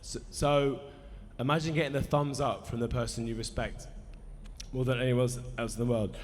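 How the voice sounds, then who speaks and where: Here a musician in his thirties introduces a film screening, nervous and dry-mouthed, telling a rambling story full of swearing and self-mockery to a live crowd. He speaks at normal speed with a medium pitch and steady tone. The cinema hall gives a long reverb tail, with slight background noise and a faint murmur underneath.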